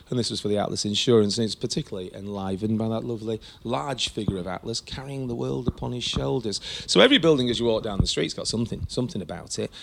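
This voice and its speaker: A man's voice: lowish voice, vocal fry, a bit bright, slight background noise. A man, a tour guide talking eagerly about local buildings with many restarts. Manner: enthusiastic, rambling with many restarts. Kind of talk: conversational architectural history chat.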